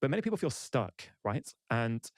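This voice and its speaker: A man's voice: medium pitch, sing-song, no room sound, studio quality. A man hosting a podcast interview who sums up his guest's points and briefly promotes his channel. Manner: measured, summarizing, plugs his channel. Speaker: podcast host. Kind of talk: interview conversation.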